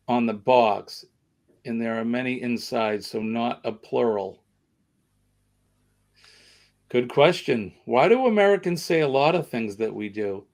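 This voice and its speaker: A man's voice: medium pitch, unhurried, pauses often, a little mellow. A middle-aged man with a Boston accent, hosting a casual live chat in a rambling, self-deprecating way. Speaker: livestream host.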